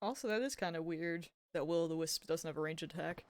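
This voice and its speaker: A woman's voice: low-pitched, quick pace, a little mellow, dry recording. A woman streamer chatting casually while playing a game and telling stories with frequent giggles. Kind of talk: casual live-stream gameplay chat.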